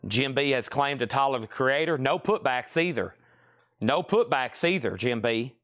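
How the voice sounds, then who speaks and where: A man hosting a live online vinyl sale, briskly rattling off titles, prices and buyer names in a casual sales patter. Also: medium pitch, expressive, a bit bright, dry recording, studio quality.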